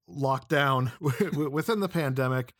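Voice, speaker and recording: A man's voice: mid-range voice, unhurried, fairly bright tone, dry recording, studio quality. A man hosting a podcast interview in an easygoing, laid-back way. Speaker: podcast host. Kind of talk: casual interview.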